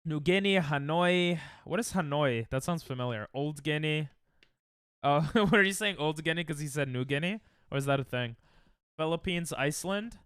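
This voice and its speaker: A man's voice: fairly high pitch, normal speed, a bit bright, clear, resonant tone, dry recording, clean studio sound. Joking young American man streaming games. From United States. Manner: joking, trash-talking chat, thinking aloud. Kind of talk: casual live-stream chatter while playing.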